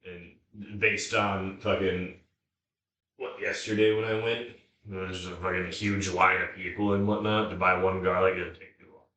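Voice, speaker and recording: A man's voice: low voice, flat delivery, normal speed, bright, forceful tone. A man live-streaming as he cooks in his home kitchen, drinking beer, rambling with lots of swearing and chatting to his dog. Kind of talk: casual live-stream chat while cooking. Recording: roomy kitchen, mic from afar.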